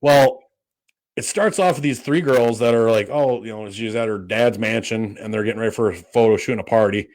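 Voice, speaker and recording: A podcast co-host with a somewhat low, slightly mellow voice talks a little fast. His chat is casual and rambling, with many fillers and restarts, and he swears freely.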